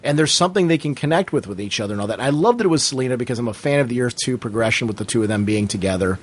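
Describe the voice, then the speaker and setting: Sex: man. Pitch: middle. Role: podcast co-host. Style: casual fan discussion. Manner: earnest and emphatic, speaks at length. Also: lively intonation, racing.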